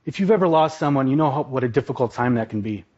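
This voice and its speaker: A man's voice: medium pitch, animated, fast, darkish tone. A man from Minnesota giving a live stage talk, telling his story in a vivid, dramatic way. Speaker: speaker, former pro wrestler. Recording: dull, lo-fi live recording.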